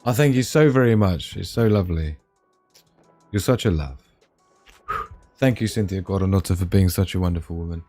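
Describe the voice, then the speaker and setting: A man's voice: low voice, moderate pace, pauses often, warm tone, soft background music. A man hosting a casual live stream, joking with viewers, teasing them with pet names and laughing often. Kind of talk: casual live chat reading viewer comments.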